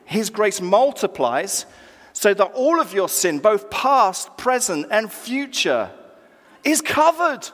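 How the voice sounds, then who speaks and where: Male pastor, lively sermon delivery with acted-out dialogue, slightly high voice, echoing church hall. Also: slow pace. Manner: animated, acts out dialogue with rising emphasis.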